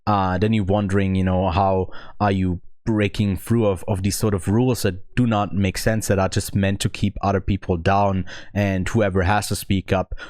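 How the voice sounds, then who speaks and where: A man with a low, smooth voice talks through his thoughts on a film, starting over often as he searches for words. The sound is dry and close, like a podcast mic in a quiet room. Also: little pitch movement, moderate pace, few pauses, dry recording. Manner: thinks aloud, hesitant with many restarts. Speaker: podcast co-host, film reviewer. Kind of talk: casual film review chat.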